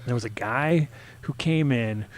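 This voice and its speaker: A man hosting a casual talk show, telling a long story in a rambling, animated way and acting out his own reactions. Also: medium pitch, a little slow. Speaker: host.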